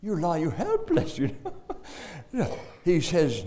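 A man, telling a story in an animated, dramatic sermon. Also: on the high side, slow pace, long pauses. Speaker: preacher.

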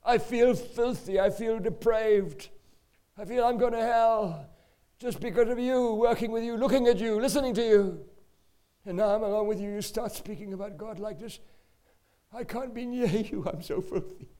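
A man acting out a distraught, weeping male coworker who pleads slowly and loudly in guilt. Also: sits high, pitched above the performer's own voice, close to an everyday voice. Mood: anguished. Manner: slow, loud, anguished pleading.

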